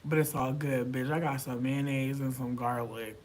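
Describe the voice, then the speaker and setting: A man chatting casually to camera, animated and profane, swinging from loud outbursts to mumbled asides. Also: mid-range voice, normal speed, slight background noise. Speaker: vlogger.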